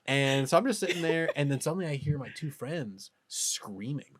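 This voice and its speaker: A man co-hosting a podcast, telling a personal story in casual chat with animated bursts of laughter. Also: fairly high pitch, normal speed. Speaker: podcast co-host.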